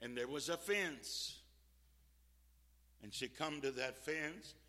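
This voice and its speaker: Preacher guy, high bright voice, yells then goes quiet, echoey church hall. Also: slow. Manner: fervent preaching that swings from shouts to quiet. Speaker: visiting preacher. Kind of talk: sermon.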